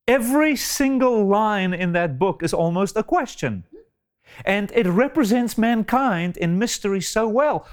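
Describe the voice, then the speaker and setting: A man preaching a sermon with a slow, dramatic delivery, full of rhetorical questions and addressing his listeners as beloved. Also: high voice, smooth.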